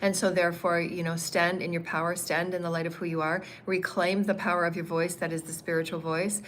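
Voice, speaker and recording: Low-voiced woman giving a spiritual talk. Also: little pitch movement, fairly quick, a bit bright, slight background noise. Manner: meandering, repetitive phrasing with frequent ums. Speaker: spiritual teacher. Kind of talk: livestreamed spiritual teaching.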